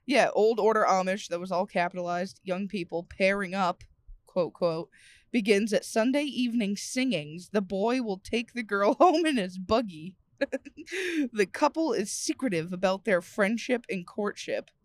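A woman's voice: medium pitch, normal speed, no echo. A young adult woman co-hosting a podcast in casual chat, crude and profane, laughing often. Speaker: podcast co-host.

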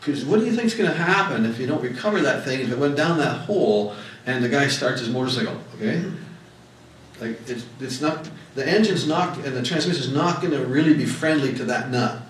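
A man's voice: medium pitch, animated, brisk, recorded from a distance, slight background noise. A man preaching a sermon as pastor, telling personal stories in a folksy, emphatic way. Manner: folksy storytelling, emphatic rises on key words. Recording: echoey room mic'd from afar.

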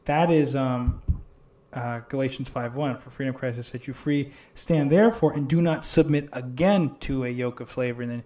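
A man giving casual Bible commentary to camera, earnest and rambling, with restarts and sudden excited outbursts. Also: mid-range voice, moderate pace. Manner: bursts into excited, laughing outbursts. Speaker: Christian video host.

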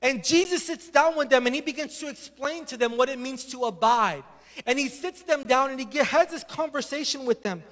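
A man preaching a sermon as a pastor, telling the story with animated energy and acting out the voices. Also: very high-pitched, brisk, in a large hall.

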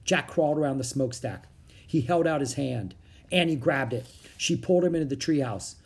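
A reader narrating a children's book in a steady storytelling manner. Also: medium pitch, a little fast, slightly rough. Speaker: audiobook reader.

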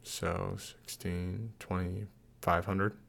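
Man, podcast host; very low, gravelly, animated delivery, teasing banter. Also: very slow. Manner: laughs often, teasing. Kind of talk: casual podcast chat.

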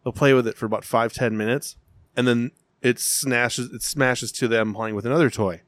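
A man in his thirties, chatting casually on a podcast, blunt and profane, telling stories with animated quoted voices. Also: medium pitch, normal speed, no echo. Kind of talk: casual chat.

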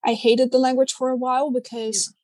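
Her voice sits a touch high and sounds dry and close, with no room around it. A young Dutch woman with a Dutch accent chats animatedly as co-host, her throat slightly sore, her talk full of fillers. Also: brisk, no room sound. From Netherlands. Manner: animated, chatty, many fillers. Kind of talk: casual chat.

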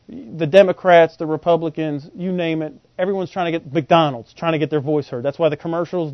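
A high-voiced male preacher teaches from scripture and keeps throwing questions at his listeners. The recording is dull and lo-fi, close and dry. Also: no room sound. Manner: animated, quizzes the audience with rhetorical questions. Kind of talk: Bible teaching sermon.

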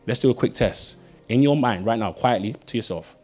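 A young man delivers a sermon with lively storytelling. His voice swings from loud bursts to quiet, hushed lines as he drives his points home. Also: mid-range voice, a little fast, soft background music. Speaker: pastor.

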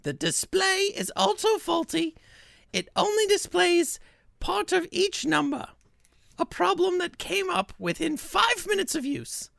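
A woman voicing a young office worker reading her own complaint review, in a high, piercing, plaintive voice. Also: big pitch swings, measured pace, creaky, a bit bright, no room sound, studio quality, full character voice.

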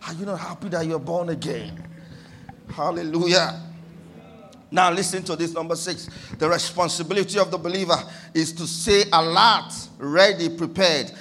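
A man preaching a sermon, swinging between quiet reflection and fervent shouts. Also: a little high, moderate pace, a little hiss or hum.

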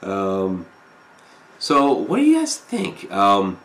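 Male streamer, lowish voice, loose rambling chat with viewers, lots of ums. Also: wildly swooping pitch, slow, fairly bright tone. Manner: rambling, many fillers, reads viewer comments aloud. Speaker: live stream host. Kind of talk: casual live chat reading comments.

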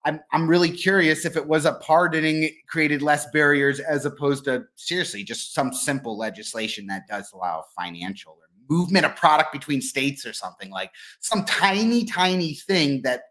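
A man with a slightly higher voice, musing and questioning in a relaxed podcast chat. He often trails off mid-thought and restarts. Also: moderate pace, hardly any pauses. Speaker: podcast co-host. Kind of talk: casual chat.

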